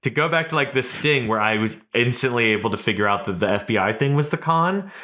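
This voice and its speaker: Animated man reviewing films. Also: mid-range voice, quick pace. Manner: animated, swearing, joking movie reviewer. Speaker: podcast co-host. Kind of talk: casual chat.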